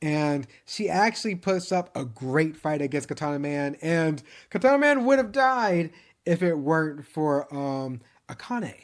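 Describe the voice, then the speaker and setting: A man recapping an anime season in a casual, animated storytelling manner, chuckling often. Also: on the high side.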